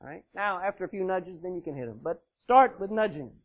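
A male pastor preaching a sermon, swinging between loud emphasis and hushed asides. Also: high-pitched, lively intonation, brisk. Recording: dull, lo-fi sound.

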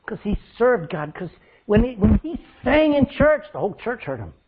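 A man preaching a sermon, telling stories loudly and acting out what people said. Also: high voice, normal speed, narrow, tinny audio, slight background noise. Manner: loud, animated preaching with acted-out quotes. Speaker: pastor. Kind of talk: storytelling sermon.

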